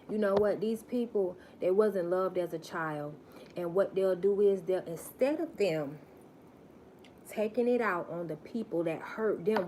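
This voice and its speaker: A woman's voice: on the low side, a little mellow, a little hiss or hum. A woman giving a live-stream spiritual message, emphatic and preachy, repeating phrases for stress.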